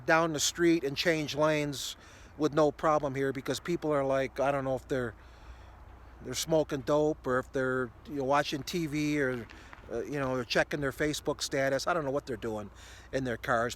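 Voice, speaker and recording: A man's voice: fairly high pitch, a bit bright. A man in his sixties telling a rambling everyday story to camera, with many fillers and restarts. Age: 60s. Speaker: ministry video host.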